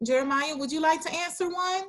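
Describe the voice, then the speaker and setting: A woman's voice: high voice, fairly bright tone, a little hiss or hum. A woman teacher running an online class over a video call, encouraging students and praising their answers often. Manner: reads sentences aloud slowly.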